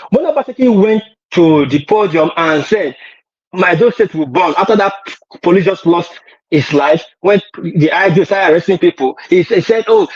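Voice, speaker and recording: A man's voice: on the high side, a little mellow, husky. A man hosting a heated political debate. He argues hard, cuts in often and stumbles over filler sounds. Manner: argumentative, interrupts, hesitant fillers. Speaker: show host. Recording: lo-fi dull audio.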